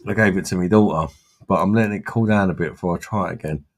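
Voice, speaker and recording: A man's voice: deep voice, fast. A man hosting a casual live stream, chatting with viewers in a blunt, sweary way and laughing often. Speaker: livestream host reading chat.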